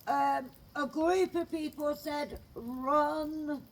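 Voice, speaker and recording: A woman works as a medium on a ghost hunt, slowly telling the others which spirit voices come through to her. Her voice sits high, and she speaks at an unhurried, drawn-out pace. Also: expressive, a little mellow, breathy edge, rough recording. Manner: slow, reports what she hears.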